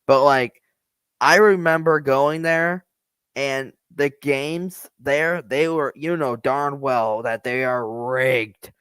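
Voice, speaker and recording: Smooth-voiced guy rambling on in a reaction vid, mid pitch, dry room. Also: takes it slowly, fairly bright tone, no room sound. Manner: rambling, hesitant. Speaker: reaction video host. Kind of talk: casual reaction commentary.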